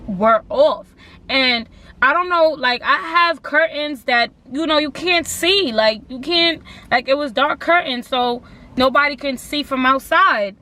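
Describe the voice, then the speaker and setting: A young woman with a high-pitched voice tells a story in a casual vlog. She is animated, packs her speech with slang and profanity, and leans on "like" as filler. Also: no echo. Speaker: vlogger.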